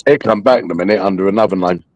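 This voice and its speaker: A man with a low voice talks rapid-fire on a dry recording as he hosts a livestream. He taunts a viewer in a mocking, aggressive rant packed with swearing.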